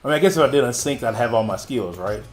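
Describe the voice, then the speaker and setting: A man's voice: medium pitch, animated, fast, soft background music. A man livestreaming a game, chatting casually with chat and a friend, often laughing and joking.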